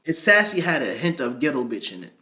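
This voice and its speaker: A man's voice: mid-range voice, big pitch swings, brisk, sharp tone. A man doing casual reaction commentary, talking bluntly in a slangy, profane way. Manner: blunt, profane, slangy, asks viewers to subscribe.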